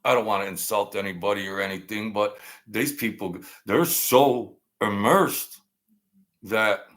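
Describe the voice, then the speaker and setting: A man's voice: fairly low pitch, unhurried, fairly bright tone. A man hosting his own channel, delivering combative, sarcastic political commentary and repeating lines for emphasis.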